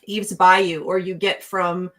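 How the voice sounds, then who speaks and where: A woman's voice: fairly low pitch, level tone, takes it slowly, a bit bright. Opinionated woman reviewing films. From New York. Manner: opinionated, analytical, frequent restarts. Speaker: podcast co-host, film reviewer. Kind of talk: casual chat.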